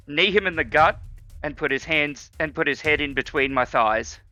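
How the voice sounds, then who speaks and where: A man's voice: fairly high pitch, moderate pace, bright, forceful tone, dry recording, faint music behind. A man playing a tabletop game in an earnest, jokey way, voicing a proud wrestler character. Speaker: player.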